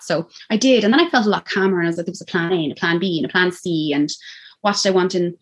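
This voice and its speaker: An Irish woman in her thirties telling a personal story as a podcast guest, animated and acting out what people said. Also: fairly low pitch, slightly rough. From Ireland. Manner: animated, acts out quoted speech, quick laughs. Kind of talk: personal birth story, casual chat.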